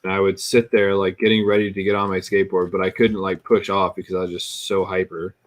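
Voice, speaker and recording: A man with a lowish voice chats casually while streaming a farming game with a friend. He tells stories in a laid-back way. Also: flat delivery, quick pace. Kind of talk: casual gameplay chat.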